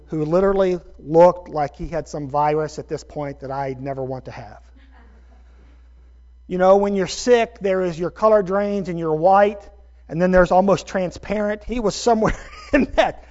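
A middle-aged man, a pastor, telling a story in a sermon with animated, self-deprecating bursts of energy. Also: sits high, moderate pace. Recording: dull lo-fi sermon recording.

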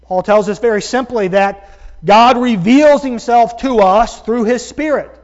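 Preaching to his congregation, whom he addresses as "folks," this pastor speaks in a light, high voice with drawn-out, emphatic stresses. It's a sermon captured on a dull, lo-fi recording.

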